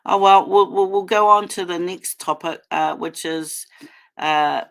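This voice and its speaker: A middle-aged woman with a New Zealand accent hosts a casual livestream through a computer mic, her fairly low voice gravelly and unhurried. She talks with passion but rambles, with many fillers and restarts.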